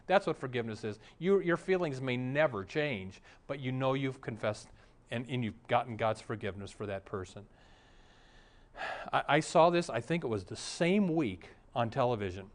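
Telling stories from the pulpit, a middle-aged pastor briefly takes on the voices of the people he quotes. His medium-pitched voice is expressive and moves at normal speed.

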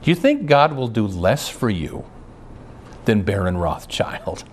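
A man's voice: fairly low pitch, big pitch swings, measured pace, a little hiss or hum. A man preaching a sermon as pastor, folksy and storytelling, with homespun jokes and some stumbling restarts. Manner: folksy, tells jokes and stories, frequent restarts.

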